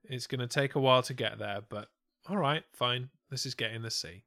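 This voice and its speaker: A man's voice: medium pitch, a little fast, gravelly, bright, forceful tone. A man co-hosting a casual live-streamed podcast, joking and spinning absurd stories. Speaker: podcast co-host. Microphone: studio mic on a stand.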